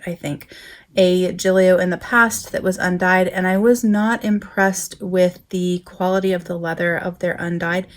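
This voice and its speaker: A woman vlogger chatting casually to her viewers, talkative and often doubling words for emphasis. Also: mid-range voice. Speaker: planner vlogger. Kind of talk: casual chat to camera.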